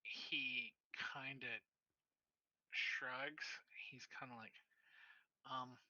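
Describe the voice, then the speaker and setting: A man narrating a tabletop game as storyteller in a casual, halting way with many fillers. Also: medium pitch, steady tone, sharp tone, dry recording, dull audio.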